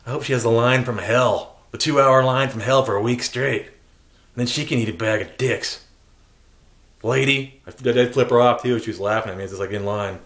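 A man's voice: mid-range voice, steady tone, moderate pace, fairly bright tone. Man ranting angrily in an echoey room. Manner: profane, aggrieved storytelling with mimicked voices. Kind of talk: angry ranting vlog.

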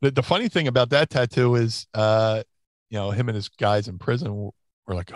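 A man's voice: medium pitch, brisk, no echo. A man in a casual interview, telling stories in a rambling way with many restarts and fillers. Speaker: interview guest, former wrestler. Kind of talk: casual storytelling.

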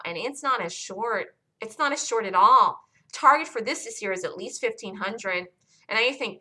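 A woman coaching a room of day traders through a chart, her voice bright and forward. She talks emphatically, hammers the same point several times, and keeps asking the room if anyone has questions. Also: fairly high pitch, expressive, moderate pace, poor audio. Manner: emphatic and repetitive, asks listeners questions. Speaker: trading room leader. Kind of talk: live stock chart review.

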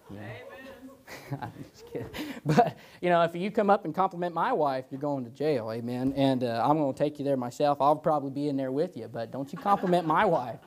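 A man's voice: fairly high pitch, darkish tone. A man in his twenties teaching Sunday school as a pastor, chatty and folksy, telling personal stories and punctuating his points with "amen". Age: 20s. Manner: chatty, tells personal stories, peppers lines with "amen" and "you know". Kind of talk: informal Sunday school preaching.

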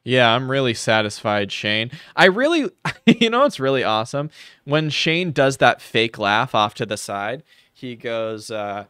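A man's voice: mid-range voice, expressive, measured pace, bright, forceful tone, smooth, dry recording, studio quality. Mocking, profane man ranting sarcastically. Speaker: commentary YouTuber reacting to a video. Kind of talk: sarcastic reaction commentary.

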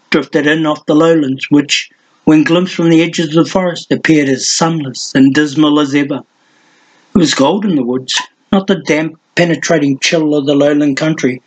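Male audiobook reader, slightly high, husky, measured. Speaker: audiobook narrator. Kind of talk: fantasy novel reading.

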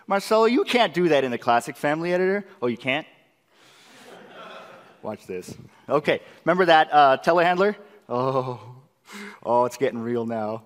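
A man presenting a live software demo class at a conference, excitable and eager, constantly tossing rhetorical questions at the audience. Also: mid-range voice, moderate pace, long pauses. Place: large conference session room. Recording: long reverb of a conference hall.

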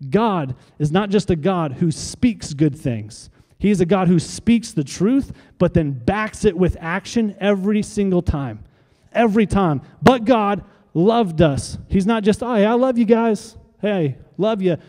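A man's voice: high-pitched, expressive, a little slow, darkish tone, in a large hall. A male pastor preaching a sermon, driving his points home with emphatic repeated phrases and leading the congregation in call-and-response. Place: church sanctuary.

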